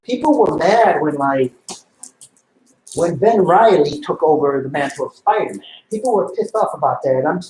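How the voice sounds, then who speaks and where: A man's voice: fairly high pitch, lively intonation, moderate pace, a little mellow. A man ranting in a loose, rambling way, with lots of swearing and filler words, while he bags comic books at home. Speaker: comic collector vlogger. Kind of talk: casual rant while bagging comics. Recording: roomy echo with faint noise.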